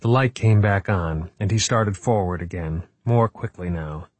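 A man reading a suspense novel aloud in a measured, steady narrating voice. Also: low voice, dry recording. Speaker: audiobook narrator. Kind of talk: scripted narration.

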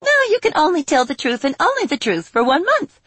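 A woman's voice: sits high, very animated, brisk, a bit bright, no echo, voice pushed up. A woman voicing a giggly, blunt tiny female fairy in a squealing singsong voice. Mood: cheeky.

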